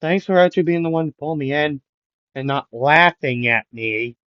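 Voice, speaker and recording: A man's voice: a little high, normal speed, no echo, pitched above the performer's own voice, lightly acted. A man voicing a young male hero student who is lost and puzzled, asking things plainly and a bit confused, in a dull, lo-fi, dry recording. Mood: plaintive.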